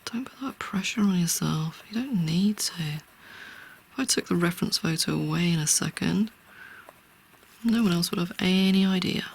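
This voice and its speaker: Soft-spoken, half-whispering art tutor with vocal fry. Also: medium pitch, moderate pace. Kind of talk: real-time drawing tutorial talk.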